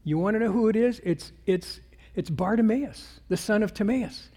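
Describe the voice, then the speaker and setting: A pastor delivers his sermon in an animated storytelling manner, throwing himself into each scene. His high-set, breathy voice carries a long reverb from the church sanctuary. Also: moderate pace.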